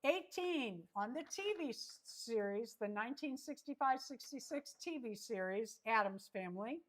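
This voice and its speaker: A woman hosting a livestream trivia chat, reading each question slowly and repeating it. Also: on the high side, animated. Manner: slow, reads questions twice. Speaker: host.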